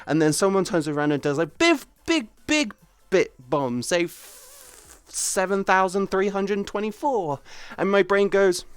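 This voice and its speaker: A young woman chatting casually to her stream audience, expressive and excitable, swearing freely. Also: mid-range voice, unhurried, clean tone, no room sound. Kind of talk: casual live-stream chat.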